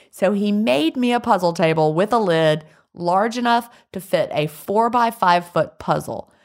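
A woman co-hosting a casual podcast, chatty and quick to laugh as she reads listener letters aloud. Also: medium pitch. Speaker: podcast co-host.

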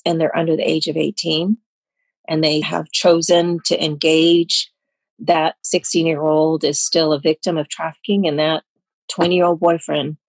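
A woman's voice: sits low, flat delivery, unhurried, no room sound, rough recording. A woman guest in an interview, explaining in an earnest, patient way and checking that she is understood. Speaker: anti-trafficking expert guest. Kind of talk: informative interview answers.

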